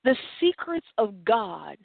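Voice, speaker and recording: A woman's voice: fairly high pitch, very animated, slow, creaky, no echo. Fervent woman preacher, tinny sound. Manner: fervent, acts out prayers in different voices. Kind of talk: sermon. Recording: tinny phone-like sound, dry.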